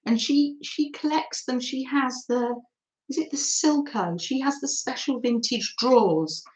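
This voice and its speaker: A middle-aged woman hosting a live craft session, chatting warmly to viewers and reading their comments as she works. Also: mid-range voice. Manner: friendly, reads out chat comments while crafting. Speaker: craft livestream host.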